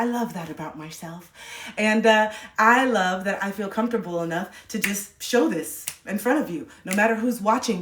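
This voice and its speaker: A woman's voice: medium pitch, fairly bright tone, a little hiss or hum. A woman talks straight to her live viewers, urging them to speak up and be themselves. Her delivery is candid and emphatic, with casual swearing and a mid-range voice. The sound bounces around a reverberant room. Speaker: livestream host. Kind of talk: motivational live chat. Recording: echoey room.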